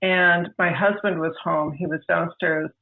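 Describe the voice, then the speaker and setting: Gravelly woman over a tinny line. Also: fairly low pitch, steady tone, noisy background. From United States. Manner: measured, deliberate storyteller. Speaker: podcast guest. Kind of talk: personal storytelling. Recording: tinny phone-like remote line.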